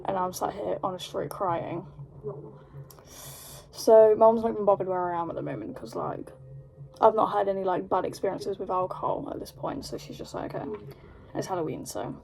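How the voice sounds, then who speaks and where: A young British woman telling a story in a casual vlog, rambling and animated, with lots of fillers. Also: mid-range voice, moderate pace, gravelly. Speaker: vlogger.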